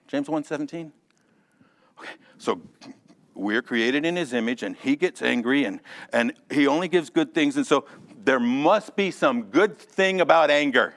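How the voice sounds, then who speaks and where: A man teaching a Sunday school Bible lesson in a lively, conversational way, calling on class members by name and joking along the way. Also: mid-range voice, moderate pace. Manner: animated, addresses class members by name, jokes.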